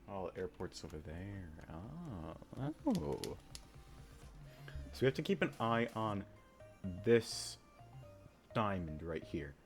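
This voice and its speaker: Rambling man with a lively low voice. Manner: rambling, thinks aloud with many ums; sudden excited outbursts. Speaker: flight sim gamer. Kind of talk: casual gameplay commentary.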